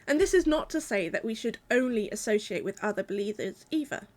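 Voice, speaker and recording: A woman delivering a sermon in a calm, measured, reflective way. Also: fairly high pitch. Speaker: preacher.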